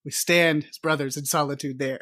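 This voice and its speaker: A man's voice: fairly high pitch, a bit bright. A man co-hosting a casual podcast, easygoing and laughing often as he chats. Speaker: podcast co-host.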